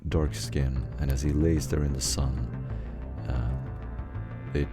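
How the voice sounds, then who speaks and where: A man narrating a tabletop game as game master, describing scenes in an unhurried way with fillers. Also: rumbling low, flat delivery, music in the background.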